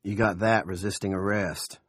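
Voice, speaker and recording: A man voicing a smug, menacing older town boss who speaks slowly and oilily. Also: deep voice, steady tone, breathy edge, no echo, studio quality.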